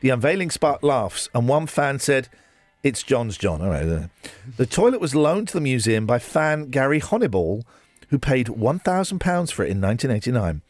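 A man's voice: mid-range voice, very animated, moderate pace, no room sound. A man hosting a radio show, bantering, laughing often and reading out odd news stories. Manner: jokey, laughs often, does silly voices.

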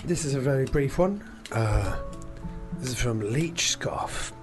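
A man hosting a casual podcast chat, retelling film scenes in a rambling, animated way with lots of fillers. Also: medium pitch, unhurried, music in the background. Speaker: podcast host.

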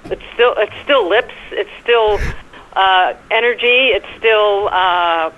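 A woman's voice: medium pitch, slow, narrow, tinny audio. A woman with a New York accent, a guest telling stories with flirty animation. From United States. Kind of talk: phone-in interview.

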